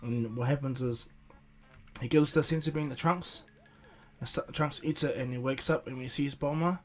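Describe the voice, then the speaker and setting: A man's voice: medium pitch, normal speed, soft background music. A man casually improvising a fan what-if story, rambling along with restarts and breaking into voices.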